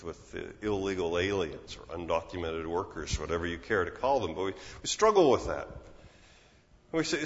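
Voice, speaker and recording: A man in his sixties preaching a sermon in an earnest, conversational way, often restarting his phrases. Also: mid-range voice. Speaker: pastor. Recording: muffled sound with long reverb in a large hall.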